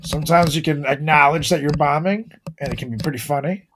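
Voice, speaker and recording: A man's voice: fairly high pitch, a little fast, fairly bright tone, a little hiss or hum. A man co-hosting a comedy podcast, bantering crudely, laughing often and swearing freely. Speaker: podcast co-host.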